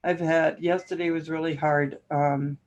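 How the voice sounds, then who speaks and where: A woman's voice: low-pitched, flat delivery, unhurried, darkish tone, dull audio. A woman hosting a casual livestream, greeting viewers by name and laughing often as she chats. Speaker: livestream host.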